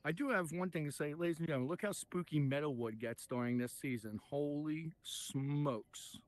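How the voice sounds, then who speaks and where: A man's voice: on the high side, normal speed. A middle-aged man hosting a comedy talk show, joking around and breaking into laughter. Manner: giggly, breaks into laughter often.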